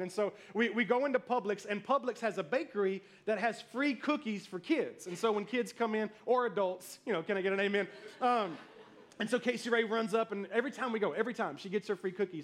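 A man in his thirties preaching a sermon as pastor, telling stories and calling out to the congregation. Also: high-pitched. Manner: storytelling, animated, calls out to the congregation.

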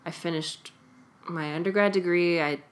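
A woman's voice: on the low side, fairly even intonation, moderate pace. A young adult woman from California, chatting casually as an interview guest and laughing often. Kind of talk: casual conversation.

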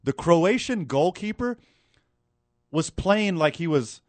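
A man chatting casually about soccer, recounting the game in an animated, excitable way with quick asides. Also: on the high side, dry recording. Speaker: co-host. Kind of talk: casual sports chat.

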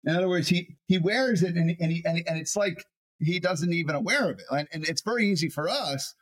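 A man, a pastor, preaching a sermon in an animated way, often repeating words as he builds a point. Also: fairly high pitch, brisk.

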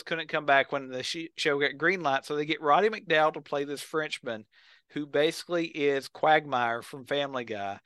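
A man's voice: fairly high pitch, pushed and bright, clean tone, no room sound. A man on a podcast, telling a story with enthusiasm and acting out the quotes. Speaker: podcast co-host. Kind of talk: casual chat.

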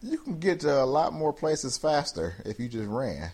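A man's voice: mid-range voice, big pitch swings, normal speed, a little mellow, breathy edge. A man co-hosting a podcast, telling rambling, playful stories in casual banter. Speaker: podcast co-host.

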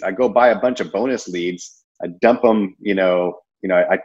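A man's voice: sits low, normal speed, darkish tone, muffled recording. A man giving a casual sales training talk, rambling and conversational with many fillers and restarts. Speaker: insurance sales presenter.

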